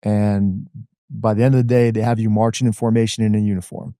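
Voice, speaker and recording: A man in his forties from the Washington D.C. area, a podcast guest telling his story in a lively conversational way, peppered with "man" and "like.". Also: lowish voice, fairly quick, no room sound, clean studio sound. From Washington D.C. area, USA. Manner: animated, uses "man" and "like" a lot.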